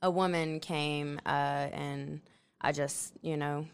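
This is a woman talking as a podcast guest. Her voice is very low for a woman, smooth and clear. She is soft-spoken and answers briefly and plainly. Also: fairly even intonation, takes it slowly. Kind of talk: casual chat.

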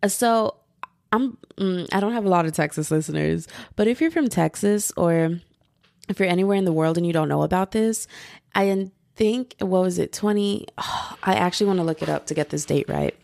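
A woman's voice: lowish voice, normal speed, gravelly, a little mellow, dry recording, studio quality. A young woman hosting a podcast from home, talking in a chatty, rambling way full of fillers and asides. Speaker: podcast host. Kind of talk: casual podcast monologue.

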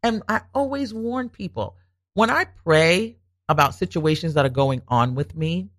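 A woman telling a personal story in a lively, swooping voice that climbs high and drops low as she acts out what everyone said. She leans on her points and repeats them for emphasis. The sound is close and dry, with no room around it. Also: a little slow, no room sound. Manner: animated, acts out quoted dialogue, emphatic repetition. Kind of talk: casual storytelling monologue.

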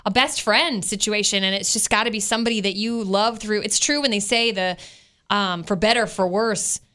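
Bright-voiced woman co-host. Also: mid-range voice, normal speed. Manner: frank, chatty. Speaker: radio show co-host. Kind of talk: casual chat.

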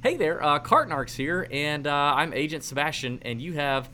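A man voicing an overly polite young male cart enforcer who scolds shoppers in a calm, sing-song, patronizing way. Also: on the high side, moderate pace, a little hiss or hum. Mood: polite scolding.

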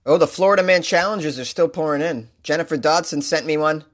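A man from Boston hosting a podcast, excitable and laughing often as he cracks crude jokes. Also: fairly high pitch, fairly quick. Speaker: podcast host. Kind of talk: casual comedic commentary.

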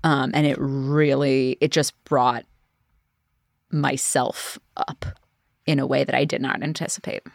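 A woman guest in a casual interview, telling her experience in a candid, animated way. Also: a bass voice, measured pace, vocal fry, no echo, clean studio sound.

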